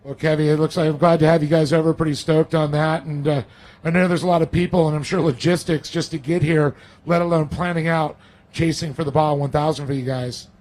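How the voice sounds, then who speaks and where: High-voiced hyped event host. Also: male voice, fairly quick, low-quality recording. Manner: energetic and hyped, cheers drivers on. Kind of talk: live event interview. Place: outdoor race event.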